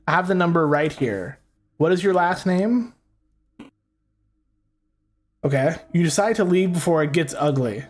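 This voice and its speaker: A young man talks loosely through a horror game as he plays, circling back on his thoughts and cursing freely. His voice sits slightly high, with soft game music underneath. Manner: casual, rambling, swears freely. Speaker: gaming host. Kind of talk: let's play commentary.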